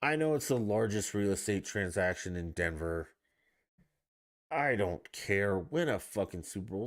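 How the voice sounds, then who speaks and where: A man with a lowish voice hosts his own podcast, ranting on his own about sports. He sounds fed up and swears freely as he goes on. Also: lively intonation, measured pace. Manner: ranting, profane, exasperated. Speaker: podcast host. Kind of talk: solo sports rant podcast.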